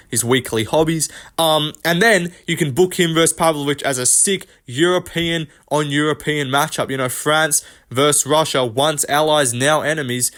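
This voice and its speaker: A young man tears through fight picks in a rapid, profane, slang-heavy rant. His voice sits a touch high for a man, and he speeds up and slows down as he pushes his points. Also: a bit bright. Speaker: host. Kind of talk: MMA commentary rant.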